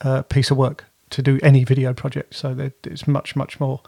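A man's voice: mid-range voice, completely flat delivery, normal speed, gravelly, dark tone, no room sound, studio quality. A man co-hosting a podcast from home, chatting in a rambling way and often correcting himself. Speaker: podcast co-host. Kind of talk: casual chat.

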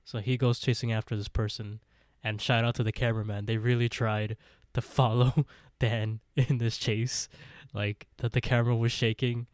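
A man's voice: mid-range voice, level tone, moderate pace, hardly any pauses, a little mellow, no room sound, clean studio sound. A man co-hosting a podcast, casually retelling scenes with frequent laughs and quoted dialogue. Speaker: podcast co-host. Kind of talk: casual recap chat.

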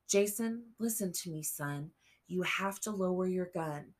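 A woman narrator voicing a mother, soft and imploring. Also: on the low side, a little slow, close to an everyday voice. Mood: tender. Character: dying mother, tender and pleading.

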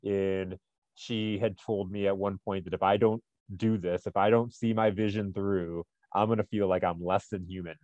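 Earnest low-voiced male podcast co-host. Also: fairly even intonation, moderate pace, darkish tone, no room sound, lo-fi sound. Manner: earnest, motivational storytelling. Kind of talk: casual podcast chat.

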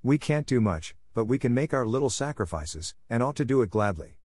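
A man's voice: medium pitch, animated, a little fast, a little mellow, husky, no echo, clean studio sound, pitched above the performer's own voice. A man reading the lines of a wistful, complaining eldest teenage sister in an audiobook.

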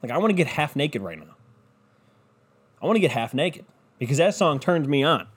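A man hosting a podcast, ranting casually with constant swearing and a loud, animated delivery. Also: fairly high pitch, moderate pace, breathy edge. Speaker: podcast host.

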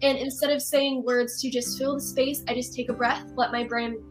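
High-voiced, bubbly young actress. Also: female voice, level tone, soft background music, low-quality recording. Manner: bubbly, earnest, quick to laugh. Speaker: actress and voiceover artist, interview guest. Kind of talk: casual interview answers.

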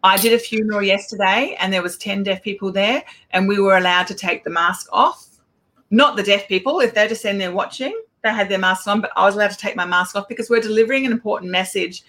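A middle-aged woman explains things casually and tells stories, acting out both sides of the conversations. Her voice is bright and forceful, sitting in the middle of the range. She talks in a lively, animated way. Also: mid-range voice, fast talker. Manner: animated storyteller, acts out quoted exchanges. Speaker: Auslan educator. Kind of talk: casual explanatory talk, telling anecdotes.

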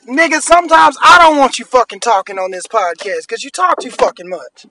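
A man's voice: very high-pitched, lively intonation, brisk, noisy background. A man in his thirties hosting a podcast, ranting bluntly and profanely in an annoyed tone. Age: 30s. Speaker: podcast host. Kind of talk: solo podcast rant.

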